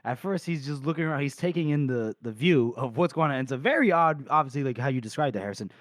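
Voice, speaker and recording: A man's voice: mid-range voice, lively intonation, fast talker, no echo, clean studio sound. A male podcast co-host chatting casually, cutting in to correct and add details. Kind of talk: casual book discussion.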